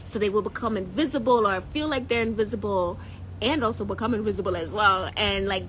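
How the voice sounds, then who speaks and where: A woman's voice: medium pitch, brisk, slight background noise, poor audio. A young woman with a Jamaican accent, a spiritual coach telling history to her viewers in a casual, jokey way and slipping into patois. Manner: jokey and animated, laughs often, slips into patois. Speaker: spiritual coach and YouTube host.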